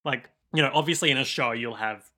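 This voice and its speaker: A man's voice: mid-range voice, bright, forceful tone. A man co-hosting a podcast, chatting casually and joking as he recaps a show. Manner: joking, rambling, quick asides. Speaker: podcast co-host. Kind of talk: casual chat recapping an anime.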